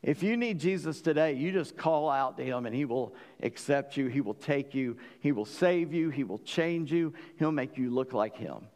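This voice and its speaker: A man's voice: mid-range voice, animated, moderate pace, hardly any pauses, darkish tone. Earnest male pastor preaching in a reverberant hall. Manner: earnest, stammering restarts, building to emphatic peaks. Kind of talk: sermon.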